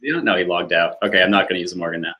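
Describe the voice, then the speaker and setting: A man's voice: low voice, rapid-fire, sharp tone. A man co-hosting a casual business chat, joking around and reacting with short interjections. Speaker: podcast co-host.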